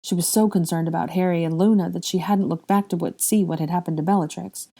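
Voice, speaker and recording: A woman reads a fan fiction chapter aloud, steady and measured. Her voice sits low and sounds mellow and warm. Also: vocal fry. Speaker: narrator.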